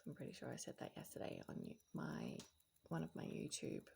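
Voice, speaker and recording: A woman giving a casual late-night monologue as a spiritual vlogger, rambling and reflective with lots of fillers and restarts, sometimes dropping into soft whispered asides. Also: sits low, wildly swooping pitch, fairly quick, vocal fry, slight background noise.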